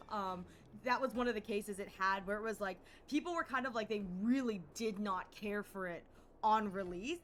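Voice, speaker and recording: A woman's voice: mid-range voice, fairly bright tone, slight background noise. A young adult woman livestreaming a story game, rambling in casual chat and laughing often.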